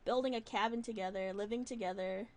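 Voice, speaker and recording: A woman's voice: medium pitch, steady tone, fast talker. A woman streamer chatting casually while playing a game, giggly, rambling and self-deprecating. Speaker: streamer and voice actor.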